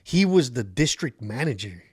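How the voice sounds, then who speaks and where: A man's voice: mid-range voice, sing-song, moderate pace, breathy edge, no echo, studio quality. A man, a comedian guest on a podcast, telling stories in casual chat, swearing a lot and acting out the voices of people in his anecdotes. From Los Angeles area.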